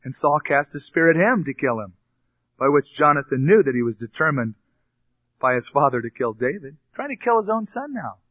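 A man's voice: fairly high pitch, very animated, normal speed, a bit bright, no echo. Male pastor, expository sermon, mixes scripture reading with plain-spoken asides; dry, slightly muffled recording. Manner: reads scripture then explains it in plain, colloquial asides.

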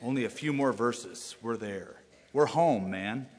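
A man preaching a sermon as pastor, animated, with rising emphasis and sudden drops to a quiet voice. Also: medium pitch, unhurried, long reverb tail.

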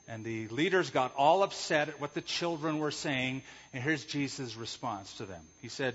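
A man's voice: medium pitch, normal speed, a bit bright, husky. A male pastor preaching an emphatic sermon, explaining Greek words and posing rhetorical questions. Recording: echoey hall, dull lo-fi sound.

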